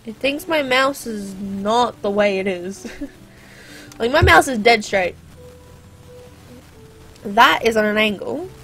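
A teenage girl who hosts a gaming channel chats over her gameplay in a bright, high voice that sits well above most women's. She's animated yet slow, pausing often and rambling into playful, sarcastic asides while soft music plays in the background.

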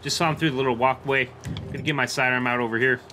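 Game noise sits clearly behind a young gaming YouTuber who plays a cop, casually narrating what he does and speaking to dispatch in police lingo while in character. His medium-pitched voice is quick and steady with a sharp tone.

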